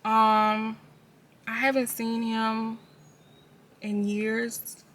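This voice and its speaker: Bright-voiced woman telling a candid story. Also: a little high, level tone, extremely slow. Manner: candid, casual storytelling, addresses viewers directly. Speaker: vlogger. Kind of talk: personal confessional vlog.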